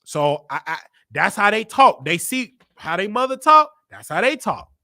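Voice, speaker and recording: This high-pitched, sharp male voice swings widely in pitch at normal speed, captured in clean studio audio with no room sound. He's a Chicago native hosting his own show, telling a personal story casually and emphatically with repeated lines for effect.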